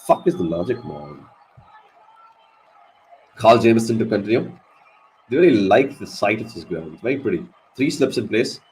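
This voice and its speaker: A man giving live ball-by-ball cricket commentary on a watch-along stream, excitable and swearing at big moments. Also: on the low side, moderate pace, pauses often, slight background noise, poor audio. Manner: excitable, swears, animated reactions.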